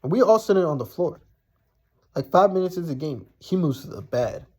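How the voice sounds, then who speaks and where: A man's voice: a little high, animated, a little fast, darkish tone. A young man casually telling a personal story, blunt and profane, rambling with lots of fillers.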